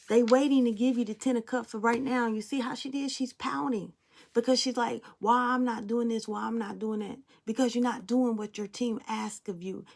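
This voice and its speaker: Gravelly-voiced woman preaching over tarot cards. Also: on the high side, a little mellow. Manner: preachy, blunt and emphatic, addressing viewers directly; swears casually. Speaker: tarot reader. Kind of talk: spiritual tarot reading monologue.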